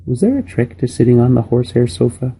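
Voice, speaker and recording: A man reading a children's novel aloud in a steady, unhurried storybook manner. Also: mid-range voice, gravelly, breathy edge. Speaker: reader.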